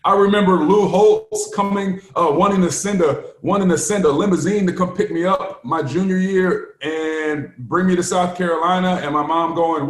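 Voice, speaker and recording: A man who played the game, chatting casually and telling lively stories with laughs. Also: a little high, normal speed, few pauses, reverberant. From United States. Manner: animated storyteller, laughs often. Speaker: podcast co-host, former player. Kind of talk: casual chat.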